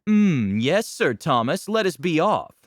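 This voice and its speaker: Man putting on a high-pitched arrogant noble dragonborn, lofty, storybook style, bouncing pitch. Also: sing-song, a little slow, no echo, clean studio sound. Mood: haughty.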